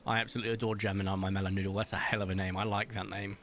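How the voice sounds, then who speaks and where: A man streaming a game, chatting casually, reading viewers' messages aloud and telling stories, with big playful jumps in pitch. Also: level tone, racing, a bit bright. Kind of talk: casual chat while gaming, reading chat aloud.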